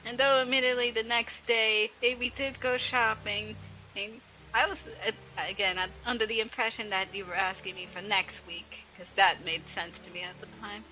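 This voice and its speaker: A woman's voice: medium pitch, steady tone, normal speed, sharp tone, poor audio. A woman playing a tabletop game, rambling in character and sounding exasperated. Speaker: player. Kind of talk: in-character tabletop role-play.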